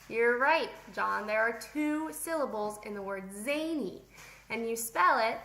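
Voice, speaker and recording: A woman's voice: a little high, normal speed, reverberant, poor audio. A young adult woman teaching a vocabulary lesson, playfully addressing an imagined class of students. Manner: playful, animated, talks to pretend students.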